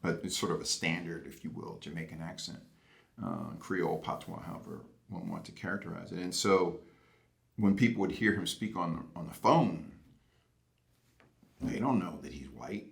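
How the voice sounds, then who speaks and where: Man, deep gravelly voice, wry interviewee. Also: moderate pace. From Boston, USA. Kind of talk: reflective interview talk.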